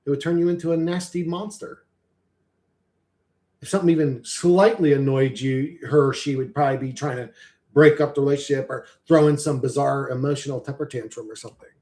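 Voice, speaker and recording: A man's voice: mid-range voice, steady tone, brisk, mellow. A man in a casual, rambling live-stream chat, swearing freely and chuckling often as he talks.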